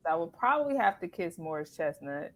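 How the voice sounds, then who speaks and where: A woman guest on a casual talk show, a singer and comedian, answering in a playful, animated way with lots of laughter. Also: fairly low pitch, a little fast, rough recording. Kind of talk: casual interview chat.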